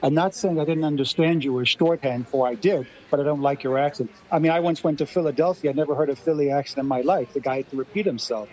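A man with a fairly high voice argues his case quickly and emphatically. He is a guest in a radio discussion. His voice comes through a dull, lo-fi remote line. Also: darkish tone. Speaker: linguist guest.

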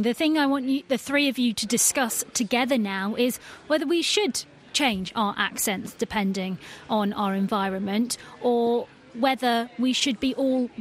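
A woman with a slightly high voice hosts a radio news show. She moves between brisk chat with guests and read-out links. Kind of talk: broadcast presenting.

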